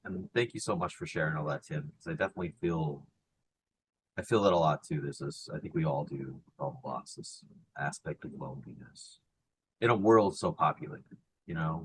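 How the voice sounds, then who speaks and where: A man co-hosting a podcast in a casual live chat, animated and joking one moment, soft and sincere the next. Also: very deep voice, a little fast, noisy background. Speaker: podcast co-host.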